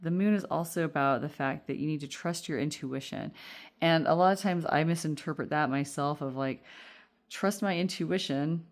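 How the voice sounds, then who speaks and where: A woman's voice: sits low, normal speed. A woman giving a casual, reassuring tarot reading, chatty and rambling with fillers. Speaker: tarot reader.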